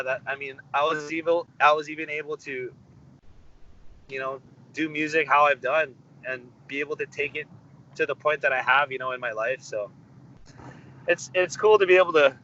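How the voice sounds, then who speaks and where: A young man with a bright, forceful voice, sitting for a relaxed interview. He talks in a rambling way, full of fillers and restarts. The audio is dull and lo-fi. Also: fairly high pitch. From Hawaii. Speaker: musician guest. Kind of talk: casual interview storytelling.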